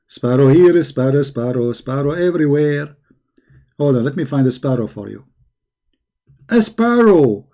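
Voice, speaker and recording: Man, debate host, mocking and combative, slightly high voice, dark mellow tone. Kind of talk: live online debate commentary.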